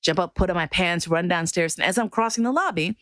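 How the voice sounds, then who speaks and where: A woman's voice: lowish voice, quick pace, a bit bright, no echo, clean studio sound. A woman performer telling a personal story in a casual way, laughing often and swearing casually.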